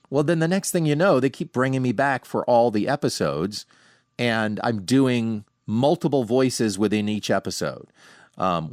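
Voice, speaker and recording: A middle-aged man hosting a podcast, casually telling animated anecdotes from home with frequent restarts. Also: medium pitch, no room sound, clean studio sound. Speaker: podcast host. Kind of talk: casual storytelling monologue. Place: home, sitting on a couch.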